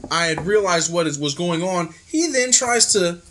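A man's voice: sits high, animated, moderate pace, a bit bright, a little hiss or hum. A man co-hosting a podcast, telling a rambling story in casual chat, acting out quotes and swearing freely. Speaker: podcast co-host telling stories.

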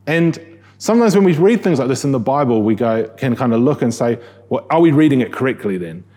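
A man with a New Zealand accent delivers a sermon in a relaxed, conversational way, restarting his phrases and asking the congregation questions. His voice is warm and mellow, with a slightly husky edge. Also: mid-range voice, fairly quick, faint music behind. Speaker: preacher.

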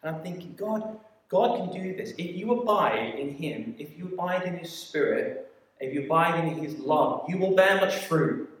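A man preaching a sermon, telling a story in an animated way with quick asides and acted-out quoted voices. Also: fairly high pitch. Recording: echoey hall, mic at a distance.

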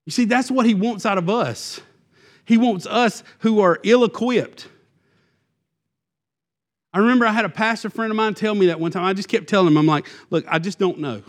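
A man delivers a sermon with a fairly high voice. His preaching is loose and conversational, and it is full of fillers and false starts. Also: moderate pace, pauses often. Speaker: pastor.

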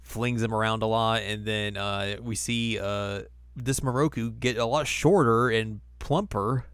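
A man's voice: lowish voice, steady tone, unhurried, fairly bright tone, clear, resonant tone, no echo. A man co-hosting a podcast, recapping an episode in a chatty way and acting out the quotes. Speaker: podcast co-host.

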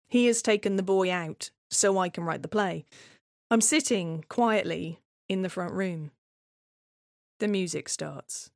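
A woman performing her own scripted dramatic monologue, sardonic and deadpan with frequent swearing. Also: lowish voice, moderate pace, no room sound, clean studio sound, faint music behind. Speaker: playwright performer.

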